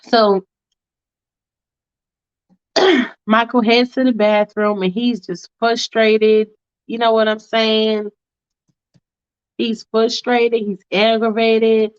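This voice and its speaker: A woman's voice: on the high side, flat delivery, slow pace, pauses often, smooth. A woman casually telling a fanfiction story aloud, with slangy, chatty asides. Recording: dull lo-fi recording.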